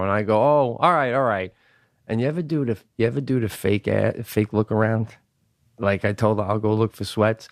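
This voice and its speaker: A podcast co-host with a gravelly, medium-pitched voice tells a story at a moderate pace in a casual comedic style. He's animated, swears freely and acts out the people he quotes, recorded dry with studio quality.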